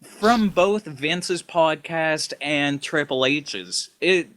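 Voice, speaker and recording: A man's voice: fairly high pitch, drawn-out words. A man co-hosting a casual podcast, hesitant with many fillers. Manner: hesitant, lots of fillers, animated. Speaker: podcast co-host. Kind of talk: casual chat.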